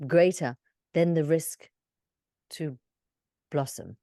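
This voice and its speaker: Low, mellow-voiced woman coaching storytelling. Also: slow, no room sound, clean studio sound. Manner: expressive, shifting between demonstration and instruction. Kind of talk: live coaching session, demonstrating storytelling.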